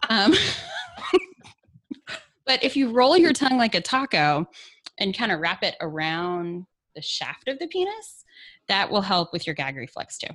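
A woman's voice: mid-range voice, very animated, unhurried, pauses often, fairly bright tone. A middle-aged woman from Kentucky with a Southern accent, chatting candidly and playfully as a podcast guest, often laughing. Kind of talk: frank casual chat.

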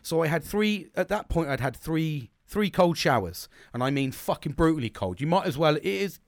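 A man's voice: fairly high pitch, lively intonation, moderate pace, dry recording, studio quality. A man, a podcast host, tells a heated, profanity-filled story in a casual way. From United Kingdom. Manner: heated, sweary rant.

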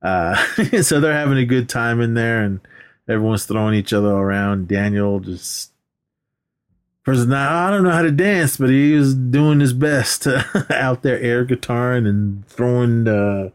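A man's voice: medium pitch, measured pace, clean tone. A man co-hosting a podcast, retelling film scenes in casual chat and jumping his voice up when he quotes the characters. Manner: rambling retelling, acts out lines in a raised voice. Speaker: podcast co-host. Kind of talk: casual movie recap chat.

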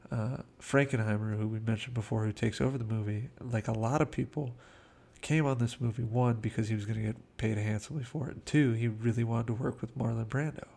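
A man's voice: mid-range voice, fairly even intonation, a little fast, gravelly, a little mellow. A man casually telling behind-the-scenes film anecdotes in a chatty way, acting out quotes. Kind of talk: casual storytelling commentary.

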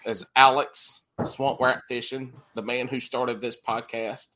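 A man hosting a podcast, bantering crudely and laughing loudly with his guests. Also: mid-range voice, little pitch movement, unhurried. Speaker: podcast host. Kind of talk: casual chat.

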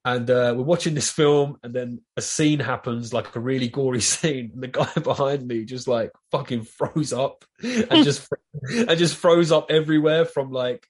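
A man in a casual chat, telling stories with lively energy and plenty of swearing and filler words. His voice sits at an ordinary middle pitch for a man. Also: normal speed, husky. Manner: animated storyteller, heavy swearing, lots of fillers.

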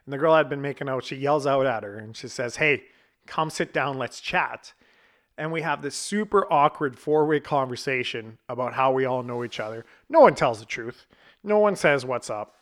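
A man in his thirties tells a personal story in an animated, medium-pitched voice, going a little fast. He's casual and blunt, swears freely, and chuckles at himself along the way.

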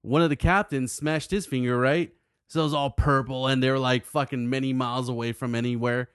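A man's voice: medium pitch, steady tone, fairly quick, clear, resonant tone, no room sound, clean studio sound. A man co-hosting a casual podcast, telling profane stories and acting out quotes. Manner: profane storytelling, acts out quotes. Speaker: podcast co-host. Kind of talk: casual chat.

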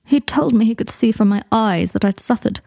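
A woman voicing a sharp-tongued, guarded young man with a dry, pointed delivery in a storybook reading. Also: mid-range voice, a little fast, breathy edge, dry recording. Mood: sneering.

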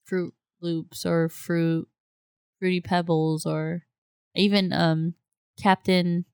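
A woman co-hosting a casual chat, blunt and bantering, quick to react. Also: on the low side, level tone, darkish tone, smooth, no echo, studio quality. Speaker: podcast co-host.

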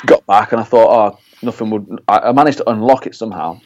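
A man's voice: lowish voice, fast, a little mellow, highs cut off, slight background noise. A young man co-hosting a podcast, rambling and swearing as he vents in casual chat. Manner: swears freely, rambling venting. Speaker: podcast co-host.

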